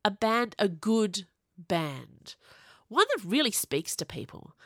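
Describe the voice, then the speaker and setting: A woman reading her own fiction aloud in a wry, expressive storytelling voice for a podcast. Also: medium pitch, takes it slowly, no room sound, clean studio sound. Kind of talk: audiobook story narration.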